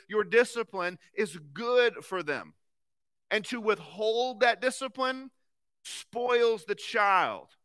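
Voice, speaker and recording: A male pastor in his thirties delivers a sermon in a bright, forward voice that sits a little high for a man. He preaches with earnest conviction, pressing hard on some lines and dropping to near-hushed softness on others. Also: clean tone. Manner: earnest, swinging from forceful to very soft.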